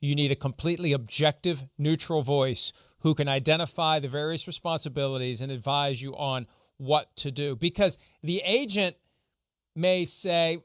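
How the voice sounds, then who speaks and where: A man hosting a sports talk show, explaining legal angles in a measured, lawyerly way. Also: on the high side, fairly bright tone, no echo, clean studio sound. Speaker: show host, legal analyst.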